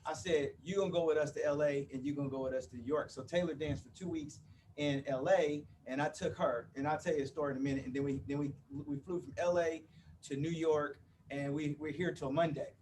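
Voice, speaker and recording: Fifty-ish guy, kinda high voice, joking w the crowd at a live talk, mic sounds far off. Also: steady tone, a little fast, noisy background. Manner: playful, banters with the crowd, often asks "you with me?". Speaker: motivational speaker. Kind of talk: live motivational talk to an audience. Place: event room before a live audience.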